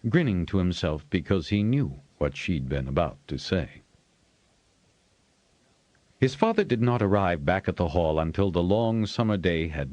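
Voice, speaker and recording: Deep-voiced male audiobook narrator. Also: a little mellow, dry recording, lo-fi sound. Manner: measured storytelling, shifting pitch for voices. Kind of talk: scripted narration.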